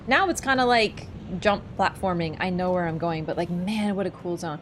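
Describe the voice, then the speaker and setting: A young adult woman chatting casually and teasing her chat while live-streaming a video game, thinking out loud with lots of fillers. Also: on the low side, lively intonation, normal speed, few pauses, slight background noise. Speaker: gaming streamer.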